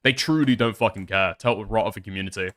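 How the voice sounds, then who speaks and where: A man's voice: on the low side, fast, fairly bright tone. A young man doing casual stream commentary, swearing often, laughing and making sarcastic asides.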